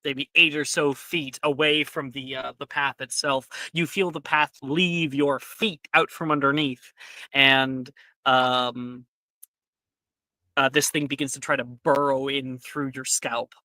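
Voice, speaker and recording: A man's voice: medium pitch, fairly even intonation, bright, forceful tone, no room sound. A man narrating as game master in a streamed tabletop game, casual and given to swearing. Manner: casual, swears, quick asides. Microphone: headset or desk mic on a stream.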